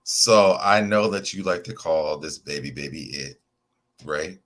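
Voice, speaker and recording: Male co-host, low voice, relaxed recap banter, chatty and easygoing. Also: a little slow. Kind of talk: casual recap chat.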